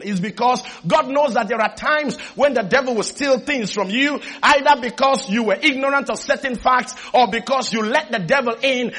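A male pastor preaching a sermon, calling on his congregation for responses and raising his voice to shouts. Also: extremely high pitch, breathy edge.

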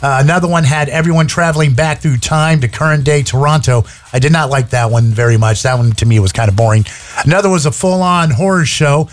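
A man's voice: on the high side, fairly quick. A man hosting a small-town radio show, chatting in a rambling, casual way full of fillers.

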